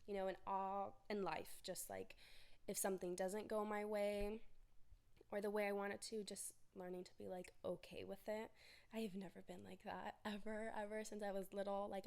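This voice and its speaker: A young woman talks through a solo podcast episode in a loose, chatty way. She laughs easily and acts out her own inner voice in quick little asides. Her pitch sits in the everyday middle for a woman. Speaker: podcast host. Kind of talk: casual solo podcast chat.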